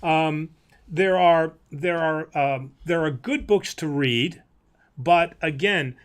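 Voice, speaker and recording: Animated priest hosting a Q&A. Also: male voice, on the high side, slow, clean tone. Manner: animated, preachy, self-mocking humor. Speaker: priest host answering viewer questions. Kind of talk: live-stream Q&A chat.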